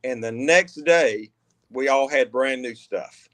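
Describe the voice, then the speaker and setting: A man's voice: medium pitch, slow, fairly bright tone. A man in his sixties, a guest hesitantly and earnestly recalling an old story. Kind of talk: casual storytelling.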